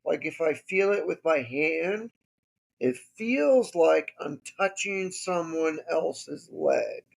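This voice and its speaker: Man podcast host, unhurried gravelly voice, wry casual storytelling. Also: fairly high pitch, big pitch swings.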